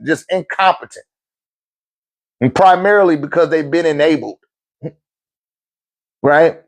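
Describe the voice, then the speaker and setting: A middle-aged man, giving blunt, profane life advice in a casual monologue and laughing often. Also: a little high.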